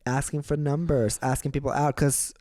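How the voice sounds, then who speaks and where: A man's voice: medium pitch, level tone, moderate pace, mellow. A man co-hosting a podcast, giving sassy, playfully petty advice in casual chat. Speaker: podcast co-host.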